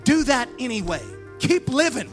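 A woman pastor preaching a fervent sermon, calling on the crowd to answer back, with a sing-song, drawn-out phrasing. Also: high-pitched, big pitch swings, soft background music. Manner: emphatic preaching with call-and-response.

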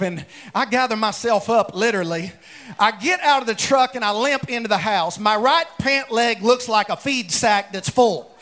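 A man, a pastor, preaching a humorous sermon full of folksy comic storytelling. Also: very high-pitched. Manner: folksy, animated, comic storytelling that bursts into shouts. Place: church sanctuary with congregation.

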